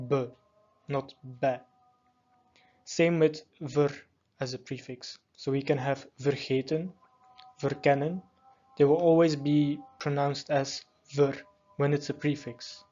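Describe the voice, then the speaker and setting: A man's voice: a little high, normal speed, soft background music. Man explaining pronunciation, dull lo-fi sound. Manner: calm, methodical explanation with frequent fillers. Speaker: language teacher. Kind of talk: explaining pronunciation in a lesson video.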